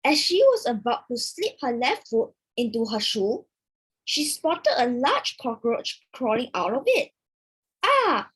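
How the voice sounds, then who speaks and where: A young woman student reading a story passage aloud for an oral exam practice, slowly and expressively. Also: fairly high pitch, husky. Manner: slow, careful, expressive reading.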